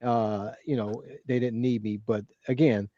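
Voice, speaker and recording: Co-host, male, earnest and halting, mellow dark tone, dull lo-fi mic. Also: mid-range voice, fairly even intonation, no echo. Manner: earnest, repeats words and restarts often. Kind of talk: casual podcast chat.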